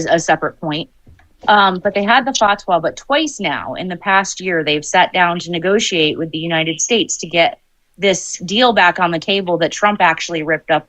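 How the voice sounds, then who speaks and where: Low-voiced woman hosting a heated panel. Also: fairly bright tone, no room sound, muffled recording. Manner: persistent, explains facts, soothes the other speaker. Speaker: host of a live political debate panel. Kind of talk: heated political panel debate.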